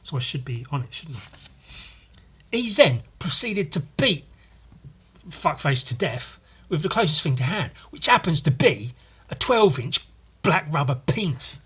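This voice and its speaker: A man's voice: a little high, lively intonation, moderate pace, sharp tone, slightly rough. A man hosting a podcast, reading through a comic book in a casual, rambling, sweary way. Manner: rambling, sweary, laughing often. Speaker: podcast host.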